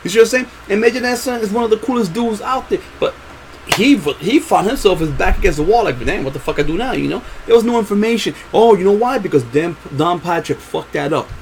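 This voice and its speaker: A man's voice: high voice, expressive, fairly quick, a little hiss or hum. A man ranting passionately about gaming, swearing a lot and stumbling over repeated words and fillers. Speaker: gaming vlogger. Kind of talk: unscripted rant to camera.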